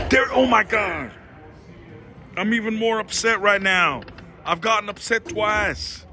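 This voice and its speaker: A man's voice: sits high, a little slow, pushed and bright, slight background noise. A man giving casual live commentary while gambling at a casino slot machine, talking to his viewers in a dramatic, theatrical way.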